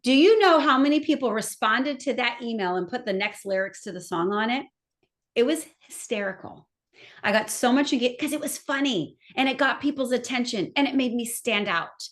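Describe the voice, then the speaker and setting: A middle-aged woman leads a live marketing seminar with plenty of enthusiasm, talking straight to the people in front of her. Her voice sits a little high. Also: a little fast. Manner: enthusiastic, animated, addresses audience directly. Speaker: marketing trainer.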